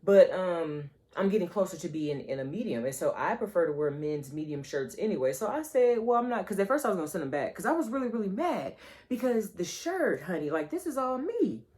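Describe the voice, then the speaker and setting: A woman's voice: on the low side, very animated, a little fast, warm tone. A woman vlogger, chatting playfully to her viewers and calling them honey and child. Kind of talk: casual chat to camera.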